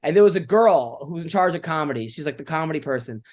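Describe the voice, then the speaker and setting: A man with a noticeably high voice chats casually as a podcast co-host. He rambles through his stories, leaning hard on "like" and restarting his sentences. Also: lively intonation, fast talker, a little mellow. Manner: rambling storyteller, many "like" fillers. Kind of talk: casual chat.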